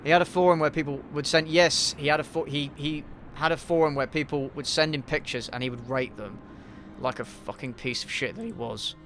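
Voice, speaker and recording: A man's voice: fairly high pitch, steady tone, a little fast, few pauses, a bit bright, slight background noise. A man hosting a casual livestream Q&A while playing a game, blunt and sweary, with frequent ums and restarts. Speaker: YouTube channel host answering viewer questions.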